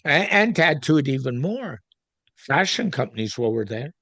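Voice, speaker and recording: A man's voice: medium pitch, big pitch swings, moderate pace, bright, forceful tone, no room sound. Chatty man hosting a podcast. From Canada. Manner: chatty, goes off on tangents. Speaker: podcast host. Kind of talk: casual interview chat.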